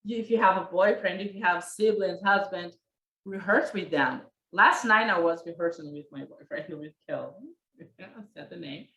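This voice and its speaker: A woman teaching presentation skills in a workshop, lively and talking straight to her listeners while she acts out examples. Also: lowish voice, moderate pace. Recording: echoey room.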